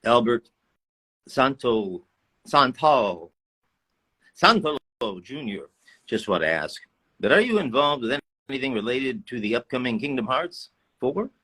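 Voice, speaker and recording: Man, mid pitch, lively intonation, playful, reading fan questions, live stream Q&A. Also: a little slow, long pauses, slightly rough. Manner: animated, playful, reads questions aloud. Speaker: voice actor at a fan autograph session.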